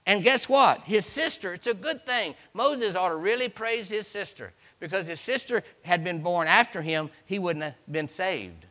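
A man preaching a sermon, retelling scripture as an animated storyteller with exclamations. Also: sits high, normal speed, few pauses, in a large hall.

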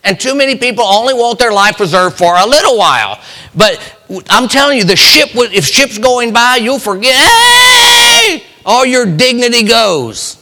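Male preacher, fairly high, bright and forceful, dramatic loud-soft swings in church. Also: expressive, fairly quick, long reverb tail. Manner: preaching with sudden swings from loud cries to hushed near-whispers. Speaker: pastor. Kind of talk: sermon.

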